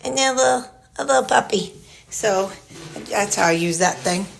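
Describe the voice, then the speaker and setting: A woman's voice: medium pitch, moderate pace, creaky, slight background noise. A woman with a Missouri accent rambles through a casual home tour vlog, stopping to talk sweetly to her dogs. She speaks into a handheld phone indoors in her own house, loose and chatty. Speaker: vlogger.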